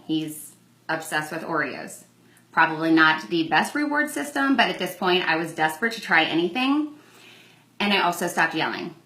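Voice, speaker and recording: A woman's voice: on the low side, bright, forceful tone, roomy sound, low-quality recording. A young woman telling a personal story in a candid, conversational vlog, acting out the lines in quoted exchanges. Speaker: vlogger.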